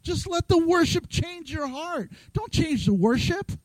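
A middle-aged man preaching a lively, joking sermon as pastor, acting out quoted voices. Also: very high voice, measured pace, dry recording, rough recording.

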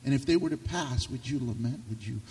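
A man preaching a sermon with passion, his voice swinging from loud to hushed. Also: medium pitch, a little fast. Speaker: pastor. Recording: reverberant hall, distant mic.

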